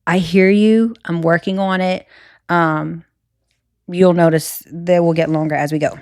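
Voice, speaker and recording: Cajun woman host, young, candid rambling chat, lowish voice, dead-dry booth sound. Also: steady tone, unhurried, a little mellow, no echo. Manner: candid and chatty, frequent fillers and restarts. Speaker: podcast host. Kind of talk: solo podcast chat.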